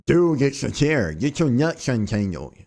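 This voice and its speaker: A young man riffs on a game in casual, slang-heavy banter, teasing the characters. His pitch swings widely as he talks. He is a let's play host. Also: very animated, a little slow, darkish tone. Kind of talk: casual commentary over a game.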